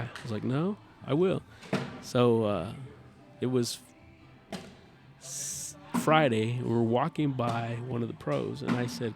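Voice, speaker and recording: A man's voice: mid-range voice, slow pace, vocal fry, over music. A man, a guest on a talk show, chatting casually and animatedly, acting out bits of dialogue as he tells a story. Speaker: podcast guest, cornhole player.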